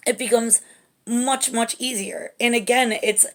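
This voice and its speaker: A woman giving a spiritual tarot reading to camera, gentle and reassuring, often checking in with "okay?". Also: a little high, steady tone, a little slow. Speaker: tarot reader.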